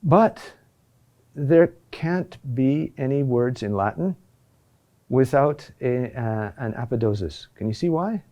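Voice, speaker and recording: Man teaching a chant class, slow and careful, lots of uh pauses, soft dark tone. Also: medium pitch, expressive. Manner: slow and deliberate, with frequent "uh" pauses. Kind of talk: classroom lecture.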